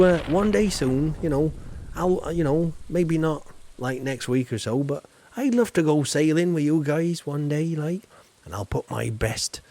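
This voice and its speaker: A man's voice: medium pitch, darkish tone. A man chatting casually on a live game stream, rambling and reading chat aloud.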